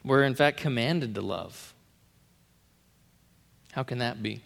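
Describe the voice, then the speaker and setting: A man preaching a sermon in an earnest way, repeating key phrases and letting his sentences fall to soft endings. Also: mid-range voice, takes it slowly, creaky, big-room sound.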